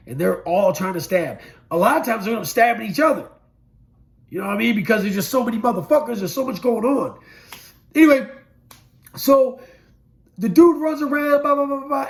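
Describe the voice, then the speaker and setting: A middle-aged man recounting his prison past in a blunt, profane storytelling manner, swinging from loud bursts to low murmurs. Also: vocal fry. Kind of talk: candid storytelling interview.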